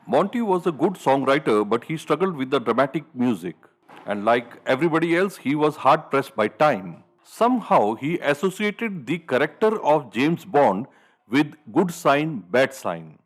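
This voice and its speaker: A man narrating a short video documentary in a measured, explanatory way. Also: mid-range voice.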